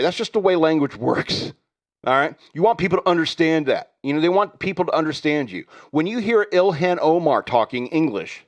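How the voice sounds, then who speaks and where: A man hosting a podcast, delivering a rambling, sarcastic comedic rant and laughing at his own jokes. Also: on the high side. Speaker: podcast host.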